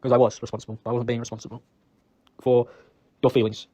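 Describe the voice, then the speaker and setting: Young British guy, choked up and self-blaming, mellow tone, talks in a fast spill. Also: mid-range voice, level tone, muffled recording. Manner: rambling, self-reproaching, swears often. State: emotional, choked up. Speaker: ex-boyfriend leaving an apology message. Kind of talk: recorded personal voice message.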